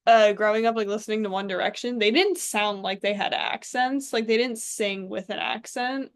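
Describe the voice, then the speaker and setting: A woman's voice: mid-range voice, normal speed. A young woman co-hosting a casual podcast chat, laughing often and trailing off into mumbles. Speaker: podcast co-host.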